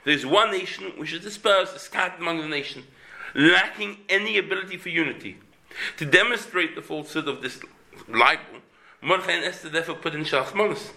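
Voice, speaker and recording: Animated bright-voiced man teaching. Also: a little fast, gravelly. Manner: animated, emphatic, with sudden rises in pitch. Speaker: Torah teacher. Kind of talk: Torah class.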